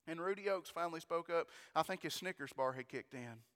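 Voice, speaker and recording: Speaking fairly quickly, a male preacher tells a story in his sermon with a high, smooth, resonant voice. He is animated, repeating words in pairs and calling out praise, and a long reverb gives the sound of a large church hall.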